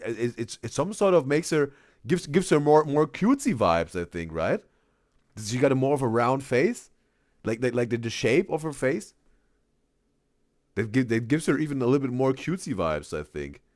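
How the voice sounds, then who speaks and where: A man's voice: medium pitch, very animated, moderate pace, a little mellow, dry recording, studio quality. A man hosting a casual live-stream reaction, reading chat aloud and rambling with repeated words.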